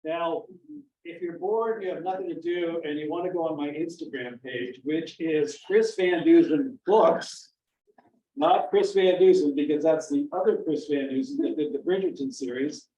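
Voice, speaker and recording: Animated man speaking in an echoey room. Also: fairly high pitch, normal speed. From Maine. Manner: animated, acts out quoted voices. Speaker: children's author at library visit. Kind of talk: storytelling talk to children and families. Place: library event room. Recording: dull, echoey room from far off.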